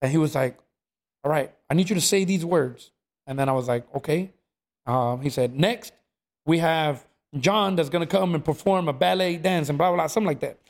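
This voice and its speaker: A man's voice: a little high, fairly quick. A man telling stories in a casual chat, acting out what people said. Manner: animated storyteller, acts out quotes, says "bro" a lot.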